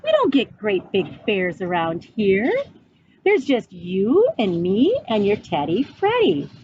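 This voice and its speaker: A woman's voice: mid-range voice, huge pitch swings, slow pace, a little mellow, pitched below the performer's own voice. A woman voicing a cheerful mother in a storybook who brushes off her son's fears, in a sing-song, reassuring way. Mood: breezy, reassuring. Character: cheerful, dismissive storybook mom. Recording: dull, slightly noisy recording.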